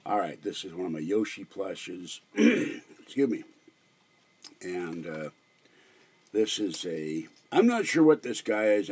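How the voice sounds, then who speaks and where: A man in his sixties with a Pittsburgh accent, talking in a halting, meandering way with many fillers as he rambles through a home vlog. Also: low voice, a little mellow, slightly rough. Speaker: vlogger.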